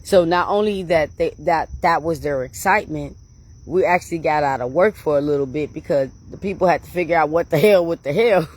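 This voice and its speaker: A woman hosts her own channel, telling stories to her viewers in a casual, animated style. She laughs often, calls them y'all, and talks a little fast in a deep voice.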